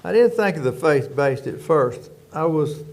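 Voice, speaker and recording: An older man with a rural Louisiana Southern drawl, speaking a bit higher than most men. He tells stories in a folksy, rambling manner, often saying "anyway" and chuckling as he goes. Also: expressive, unhurried, darkish tone. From Louisiana, United States. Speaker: guest, former prison warden. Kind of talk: storytelling interview.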